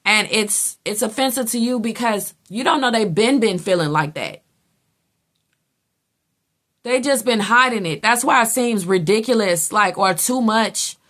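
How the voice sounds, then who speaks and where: A woman's voice: fairly high pitch, unhurried, a bit bright. Blunt, chatty woman reading tarot. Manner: blunt, chatty, swears freely, acts out quoted people. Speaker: tarot reader. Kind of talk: casual tarot reading monologue.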